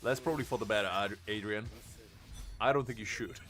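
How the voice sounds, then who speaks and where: A man's voice: on the low side, fairly quick, a bit bright, soft background music. A young man streaming a game, chatting casually with his viewers in a joking, rambling way and answering them by name. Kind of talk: casual live-stream chat.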